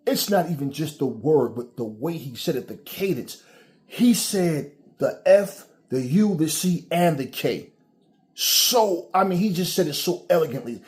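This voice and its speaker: A man's voice: a little high, animated, measured pace, a little mellow. A middle-aged man, the channel's host, ranting casually and profanely, acting out mock quotes as he tells his stories. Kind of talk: casual vlog rant.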